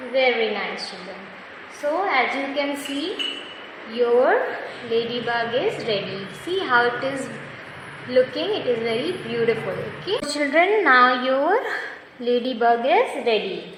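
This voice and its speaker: With a high, sing-song voice, this craft teacher walks children through a lesson one step at a time, patient, slow, and full of praise. The background is noisy, and the space is very echoey with long reverb.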